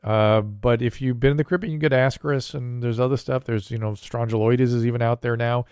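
A man's voice: medium pitch, fairly even intonation, fast talker, darkish tone, clear, resonant tone, dry recording, studio quality. An older man hosting a casual podcast, a doctor who explains medical points plainly while answering listener questions.

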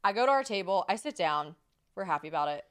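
A young woman, hosting a podcast and telling a story in rapid, giggly casual chat. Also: on the low side, lively intonation, clear, resonant tone. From South Carolina. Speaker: podcast host.

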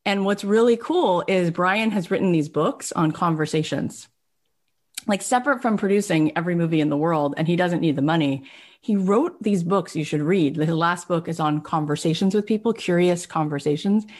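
A woman host telling a long story in a chatty, casual monologue. Her voice sits a little low, and she fills her talk with "like" and "you know". She acts out the people she quotes as she goes. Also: moderate pace, a little mellow. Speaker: podcast host and coach.

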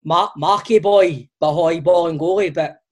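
A man's voice: a little high, normal speed. A man with a Scottish accent hosting a podcast in casual, teasing banter. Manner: jokey, teasing. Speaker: podcast host.

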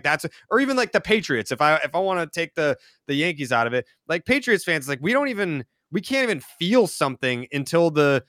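A man in his thirties talks loosely as a podcast guest, scattering filler words through long, winding thoughts. His voice is bright and forceful, with a slightly raised pitch and a dry, close sound. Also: dry recording. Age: 30s. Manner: rambling, heavy use of "like" filler. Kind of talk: casual chat.

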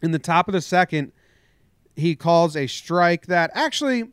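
A podcast co-host on a casual sports show tells stories in a lively way, his pitch slightly raised and his pace moderate, acting out the shouting of the people in his tale. His tone is clean, and the recording is dry and close-miked, with no room sound around it.

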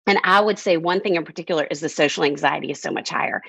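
A woman's voice: low voice, racing, vocal fry, fairly bright tone, slightly rough, no room sound, dull audio. A woman, a counselor and camp director, speaking candidly and reflectively in a podcast conversation.

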